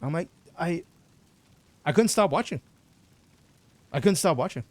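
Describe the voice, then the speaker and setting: A young man talks through a game on a live stream, reading chat and reacting in loose, slangy, profane banter. His voice sits a little high for a man and swings widely in pitch. The sound is dry and close, with no room around it. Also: lively intonation, measured pace, no room sound. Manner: casual, slangy, swears, chats with viewers. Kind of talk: live gameplay commentary.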